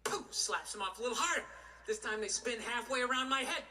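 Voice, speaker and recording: A man's voice: extremely high pitch, lively intonation, a little fast, distant mic, noisy background. A man doing a stand-up comedy routine, ranting and exasperated, with plenty of profanity.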